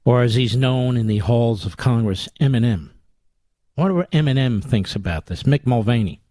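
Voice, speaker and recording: An older man holds forth on talk radio, combative and biting, leaning hard on his words. His voice sits at an ordinary pitch and comes through a close studio mic with a dry, dead sound. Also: expressive, moderate pace, mellow, dry recording. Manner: combative, sarcastic, emphatic. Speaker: radio talk show host. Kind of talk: political talk radio monologue with ad reads. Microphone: studio microphone.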